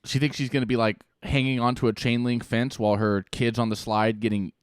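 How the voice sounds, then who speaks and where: A man's voice: mid-range voice, little pitch movement, brisk, smooth, dry recording, clean studio sound. Sarcastic rambling podcast guy. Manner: sarcastic, rambling, laughs often. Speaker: podcast co-host. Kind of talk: deadpan ironic banter.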